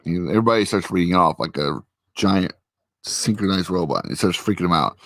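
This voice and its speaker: A man's voice: low voice, lively intonation, fairly quick, fairly bright tone, no room sound. A man chatting casually at his computer, rambling through a recap with lots of fillers. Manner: rambling recap with many fillers and acted quotes. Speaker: vlogger recapping a TV episode. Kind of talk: casual chat. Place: at a computer with a friend.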